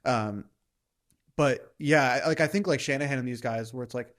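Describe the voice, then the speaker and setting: A young man co-hosting a podcast, talking through his points in a thoughtful, measured way. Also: mid-range voice. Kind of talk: casual conversation.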